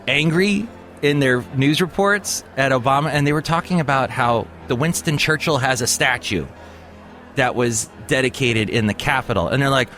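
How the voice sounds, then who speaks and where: A man hosting a podcast, chatting casually in a rambling, halting way with plenty of fillers. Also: medium pitch, fairly bright tone. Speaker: podcast host. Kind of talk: casual chat.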